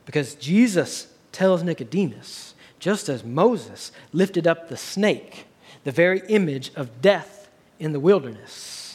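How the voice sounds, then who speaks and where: A man preaching a sermon as pastor, earnest, building to raised emphatic passages. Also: a little high.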